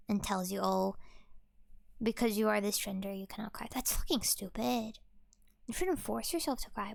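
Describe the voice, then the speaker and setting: A young woman in a whispered role-play, soft-spoken and rambling, swearing freely and trailing off mid-thought. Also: medium pitch, creaky, dry recording. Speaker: ASMR creator.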